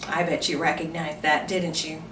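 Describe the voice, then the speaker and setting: A woman's voice: low-pitched, moderate pace, roomy sound, distant mic, a little hiss or hum. A woman librarian reading a picture book aloud for children, stopping to ask listeners questions. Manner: animated, asks listeners questions. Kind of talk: children's storytime read-aloud.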